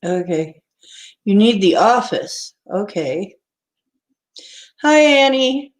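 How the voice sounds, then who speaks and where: A woman's voice: medium pitch, big pitch swings, slow. A woman hosting a live stream in a casual, rambling way, greeting viewers by name and chatting before a craft lesson. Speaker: livestream host.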